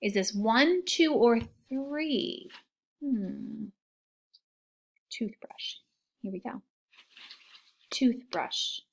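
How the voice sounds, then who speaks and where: A woman teaching young children a phonics lesson, slow and encouraging in a sing-song way, with soft whispered asides. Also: fairly high pitch, animated, vocal fry, husky.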